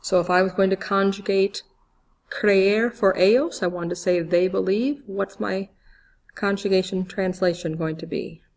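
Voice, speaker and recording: A woman's voice: mid-range voice, flat delivery, moderate pace. A woman teaching a grammar lesson, speaking patiently, spelling out letters and quizzing the listener. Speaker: Spanish teacher. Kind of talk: slow, clear grammar lesson.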